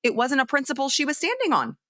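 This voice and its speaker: A female guest on a political talk show with a bright, sharp-edged voice. She talks casually, with plenty of fillers and quick asides. The sound is close and dry. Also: high voice, sing-song, dry recording. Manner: conversational, with frequent fillers and quick agreement. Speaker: commentator guest.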